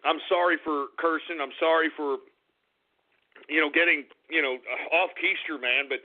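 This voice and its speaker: Furious ranting radio host, tinny line. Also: male voice, fairly high pitch, steady tone, normal speed. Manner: angry ranting, heavy cursing; repeats phrases, addresses listeners as folks. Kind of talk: call-in radio rant. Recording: tinny phone-like radio audio.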